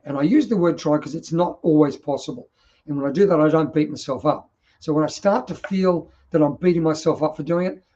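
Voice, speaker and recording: Blunt middle-aged Australian man, mellow and a touch high, casual podcast monologue, lo-fi. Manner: blunt, passionate, swears freely. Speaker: podcast host.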